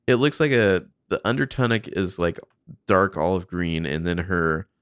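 A man's voice: low voice, normal speed, clear, resonant tone, dry recording, studio quality. A man casually commenting on behind-the-scenes footage, swearing freely and thinking aloud.

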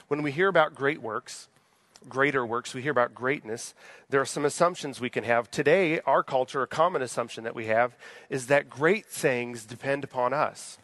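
Man, pastor, 30s, evening sermon, conversational, asks questions, middle pitch, dry recording. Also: normal speed, a bit bright, no echo. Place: church sanctuary.

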